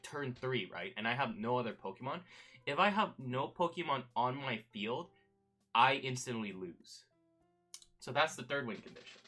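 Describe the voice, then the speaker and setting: Bright-sounding dude rambling on stream, lots of likes and ums, faint music behind. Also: male voice, medium pitch. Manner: rambling, filler-heavy storytelling. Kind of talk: casual chat.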